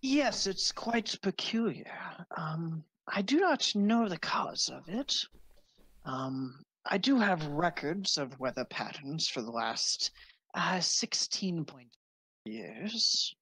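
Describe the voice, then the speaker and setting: A game master voicing a distracted elderly male wizard librarian who talks high and whispery under his breath. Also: expressive, takes it slowly, sharp tone, husky, no echo, full character voice, low-quality recording. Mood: fussy. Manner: muttering, whispery.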